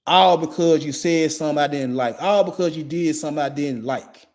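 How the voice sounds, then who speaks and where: A man's voice: fairly high pitch, brisk, a little mellow. A man in his forties delivering a blunt, profane monologue in a repetitive, emphatic way.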